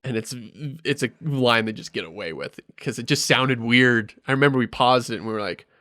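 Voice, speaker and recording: A man's voice: medium pitch, fairly quick, sharp tone, no echo, studio quality. A man co-hosting a podcast in casual chat, laughing often and reading out facts. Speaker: podcast co-host.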